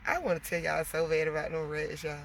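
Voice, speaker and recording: Woman vlogger, gravelly and sharp-toned, chatty venting with plenty of cussing. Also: low voice, flat delivery, brisk, slight background noise. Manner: chatty, swears freely, keeps addressing viewers as y'all. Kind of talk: casual venting to viewers.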